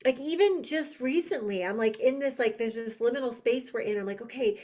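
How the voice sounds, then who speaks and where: Woman guest, fairly high voice, earnest and emotional personal storytelling, frequent restarts. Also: brisk, a little mellow. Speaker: podcast guest.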